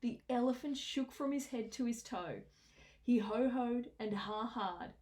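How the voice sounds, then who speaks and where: A woman reading a rhyming picture book aloud in a lively, sing-song way. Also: a little high, measured pace. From Australia. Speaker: storyteller.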